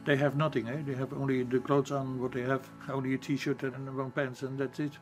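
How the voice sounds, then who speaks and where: A man with a Dutch accent, a ship captain recalling events in an interview, speaking halting non-native English and searching for words. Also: medium pitch, flat delivery, soft background music. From Netherlands. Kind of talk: interview recollection.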